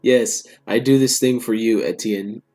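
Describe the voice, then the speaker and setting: A man reading the curt, short lines of a gruff young security guard without an accent. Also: on the low side, steady tone, unhurried, a little mellow.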